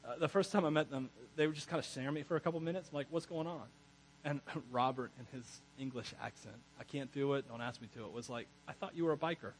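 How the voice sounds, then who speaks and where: A man preaching a sermon as pastor, animated, laughing often and breaking into chatty asides. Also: medium pitch, fast, few pauses, slight background noise, rough recording.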